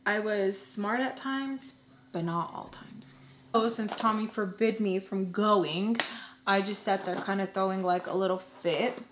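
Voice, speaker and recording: A woman in her twenties tells a personal story to her viewers in a casual, earnest way. She stops and restarts often and fills her pauses with "like". The room sounds roomy, with a faint hum underneath. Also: medium pitch. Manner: halting, full of "like" and restarts; earnest and emotional. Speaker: storytelling vlogger.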